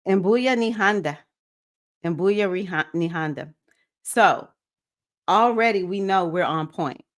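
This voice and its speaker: Lady in her 50s hosting a spiritual livestream, lowish voice, jumps way up when she whoops. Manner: animated, greets viewers, sudden high whoops. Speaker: spiritual circle host. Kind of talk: livestream chat with viewers.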